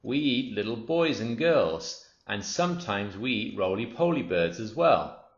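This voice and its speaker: A man's voice: fairly low pitch, animated, measured pace. A man voicing a greedy, boastful crocodile in a storybook reading, savoring every nasty word. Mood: gloating. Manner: sly, boastful, relishing. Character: gloating greedy male crocodile. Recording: roomy, dull lo-fi.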